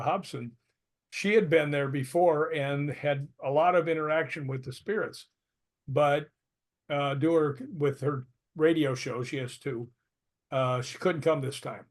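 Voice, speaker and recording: Chatty man with a fairly high voice. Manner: chatty, laughs often, tells anecdotes. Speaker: paranormal investigator guest. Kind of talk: casual interview storytelling.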